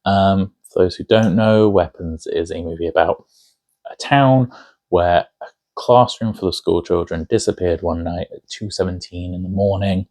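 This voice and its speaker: A man's voice: sits low, a little mellow. A man hosting a casual film review video, talking in a chatty, enthusiastic way with lots of asides. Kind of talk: casual opinionated film commentary.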